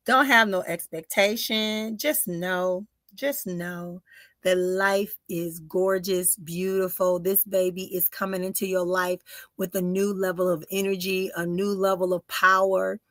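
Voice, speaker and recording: Woman spiritual medium, hosts a live-stream reading, bright and dry, goes soft and whispery often. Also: mid-range voice, gravelly, no room sound. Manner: emotive, breaks into soft whispers. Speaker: spiritual medium and podcast host. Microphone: close mic for live streaming.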